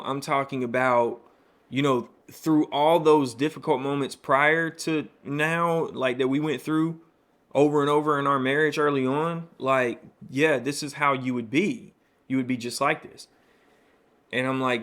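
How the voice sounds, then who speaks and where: A man's voice: medium pitch, unhurried, fairly bright tone. Candid man telling his own story. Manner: candid, conversational, many fillers and asides. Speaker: podcast host. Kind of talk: personal storytelling monologue.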